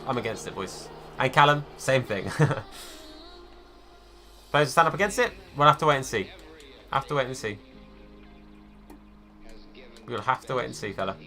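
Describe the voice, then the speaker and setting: A man's voice: mid-range voice, sharp tone. A man live-streaming a football game, chatting casually and answering viewers by name, calling them mate and fella.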